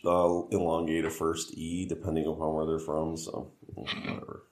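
A man's voice: rumbling low, flat delivery, moderate pace, a little mellow. A man who served in the army, talking bluntly and dryly as a podcast guest, swearing casually. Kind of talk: casual interview chat. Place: apartment. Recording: roomy echo.

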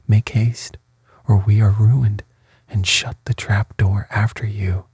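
A frightened young princess from a gothic storybook, as a male narrator reads her. The voice stays low and mellow, heavily breathy, with a level, unhurried rhythm. It is recorded dry. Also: dry recording, heavily acted. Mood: anxious. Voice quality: hushed, breathy. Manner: slow, even storybook delivery.

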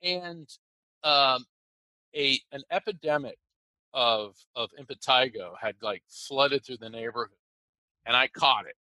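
Male guest, American-born, very bright and crisp tone, animated storyteller who stumbles and restarts often. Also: medium pitch, no echo, poor audio. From United States. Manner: animated, halting with many restarts. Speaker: interview guest. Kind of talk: personal storytelling.

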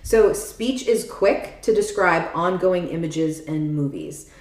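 A woman's voice: on the low side, takes it slowly, roomy sound. A woman co-hosting a podcast, explaining things in casual chat, often saying "like" and checking that her listener follows. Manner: chatty, leans on "like" and frequent check-ins. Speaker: podcast co-host explaining a topic. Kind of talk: casual explanatory chat, reading passages aloud.

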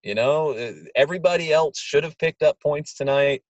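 A man's voice: on the high side, normal speed, no room sound, highs cut off. A man co-hosts a casual soccer podcast, offering blunt takes on the teams. He often repeats a word or two before landing his point, and the recording sounds dry and close. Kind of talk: casual sports analysis.

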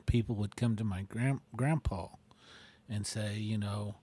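A man with a lowish, mellow voice talks casually on a podcast. He speaks in relaxed bursts, pausing on "you know" and "um" between ideas. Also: husky. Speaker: podcast co-host. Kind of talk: casual chat.

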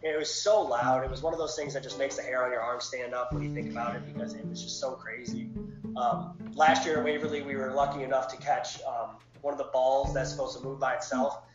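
A man, a paranormal society owner, casually telling his ghost-hunting stories in an interview, animated with many fillers. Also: mid-range voice, fairly quick, echoey room, highs cut off, over loud music.

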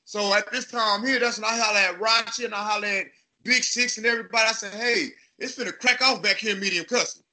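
A man with a Texas accent tells stories in a loose, profane, animated way, acting out the voices of others. His voice sits high and rings very bright and forward. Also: fast. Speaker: podcast host. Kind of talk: casual storytelling chat.

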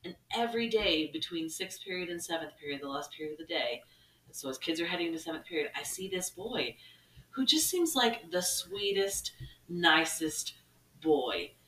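A woman in her thirties, a podcast co-host and former teacher, telling classroom stories in casual chat and acting out the shouted lines. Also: fairly low pitch, moderate pace, echoey room, recorded from a distance, slight background noise, low-quality recording. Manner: animated, acts out shouted quotes.

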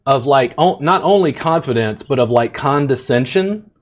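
A man's voice: medium pitch, animated, moderate pace, a little hiss or hum. A man in his forties hosting a podcast, talking bluntly and matter-of-factly, acting out the people he quotes. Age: 40s. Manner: blunt, matter-of-fact, acts out quoted voices. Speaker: podcast host and massage instructor. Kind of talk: casual podcast chat.

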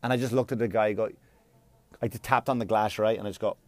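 A man doing a stand-up comedy routine, profane and rambling, with loud mocking outbursts. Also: lowish voice, fairly even intonation, fast talker, noisy background. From Ireland.

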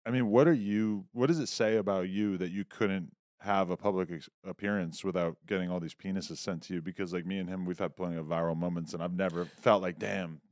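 A man's voice: low-pitched, steady tone, fairly quick, few pauses, a little mellow, no echo. A man hosting a casual podcast chat, asking dry, skeptical questions.

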